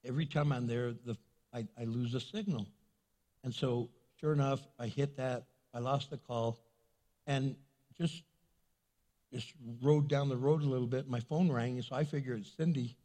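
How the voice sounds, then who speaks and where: A male pastor preaching a sermon in a church, animated and joking, repeating his points for emphasis. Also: mid-range voice, normal speed.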